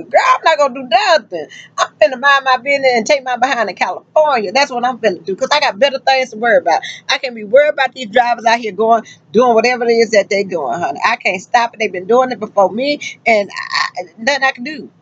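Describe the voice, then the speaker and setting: A woman's voice: a little high, slightly rough, dull audio. A woman truck driver vlogging casually and sassily, talking straight to her viewers and calling them honey and girl. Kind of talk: casual chatty vlog.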